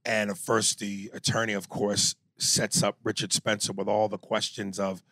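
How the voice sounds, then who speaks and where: A man's voice: fairly low pitch, flat delivery, normal speed, fairly bright tone, no echo, clean studio sound. A man co-hosting a podcast in casual discussion, telling a story with animation and acting out quotes. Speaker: podcast co-host.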